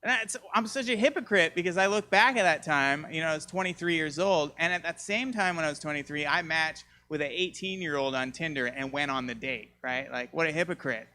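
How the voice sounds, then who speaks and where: Guy doing stand-up, super bright voice, kinda high, rambling self-mocking stories. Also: fairly quick, hardly any pauses, a little hiss or hum. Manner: self-mocking, rambling storytelling with loud jumps in pitch. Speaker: stand-up comedian. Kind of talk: stand-up comedy set. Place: comedy show, live audience.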